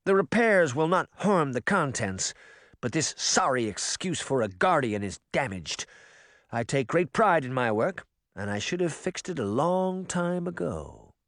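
A man's voice: a little high, big pitch swings, unhurried, a bit bright, no echo, clean studio sound, pitched above the performer's own voice, exaggerated voice. A man voicing an icy, imperious sorceress queen. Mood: stern. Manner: cool, clipped and commanding. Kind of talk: audiobook character reading.

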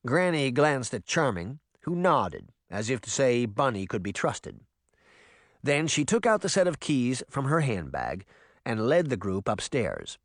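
A man narrating a storybook in a steady, expressive telling. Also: medium pitch, a little slow, dry recording, studio quality. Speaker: audiobook narrator.

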